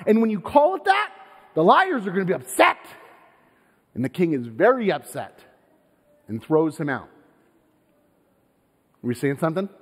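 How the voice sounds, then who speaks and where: A pastor preaching a sermon in a lively, conversational way, posing rhetorical questions to his congregation. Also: mid-range voice, long reverb tail. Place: church sanctuary.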